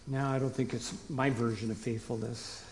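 A man preaching a conversational sermon to his congregation in a folksy way, rising to emphatic bursts and dropping to quiet asides. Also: mid-range voice, flat delivery, moderate pace. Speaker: pastor. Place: church sanctuary. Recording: long hall reverb.

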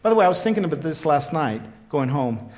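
A man in his fifties preaching a sermon, telling his own story in an earnest, repetitive way that swings from loud emphasis to quiet. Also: on the high side, very animated, quick pace. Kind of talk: sermon with personal testimony.

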